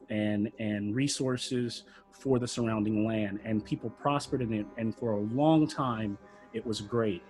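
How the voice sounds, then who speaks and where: A man narrating a tabletop game as game master over a video call, halting with many fillers and restarts. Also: medium pitch, a little mellow.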